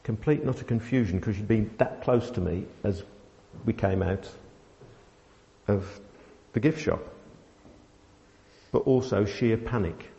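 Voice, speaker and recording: A man preaches in a low, mellow voice, telling a story in a halting way with many fillers. The sound is dull and muffled. A long reverb trails each phrase, as in a large hall. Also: vocal fry. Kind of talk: sermon with a personal story.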